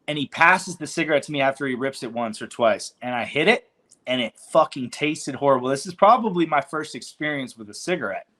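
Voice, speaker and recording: A relaxed man in his forties, from California, spins long stories as a podcast guest. He talks loosely in slang, swears casually and fills pauses with ums, at an ordinary mid pitch. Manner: laid-back, slangy, swears freely, many ums. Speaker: podcast guest, cannabis business founder. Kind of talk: casual storytelling interview.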